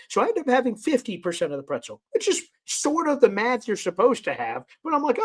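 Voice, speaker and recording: A man's voice: sing-song, fast, few pauses. A man hosting a sports talk show, telling an exasperated story in casual banter. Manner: exasperated, swings from low mutters to loud outbursts. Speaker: host.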